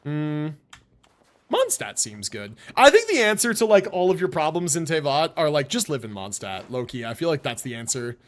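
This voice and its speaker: A man's voice: a little high, wildly swooping pitch, moderate pace. A man live-streaming a video game, joking and rambling through casual commentary with plenty of swearing. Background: game music.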